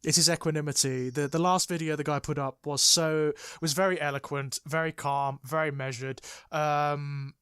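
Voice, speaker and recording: A man co-hosting a podcast in casual chat, making wry, polite asides in a fairly high voice. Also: fairly even intonation, moderate pace, hardly any pauses, fairly bright tone, clear, resonant tone, dry recording, studio quality. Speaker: podcast co-host.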